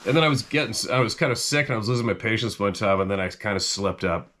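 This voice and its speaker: A middle-aged Canadian man with a stuffy head cold, chatting casually to camera in a rambling, animated way. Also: fairly low pitch, fast. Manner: rambling and animated, chuckles often, voice jumps up when quoting himself. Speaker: hunting channel host.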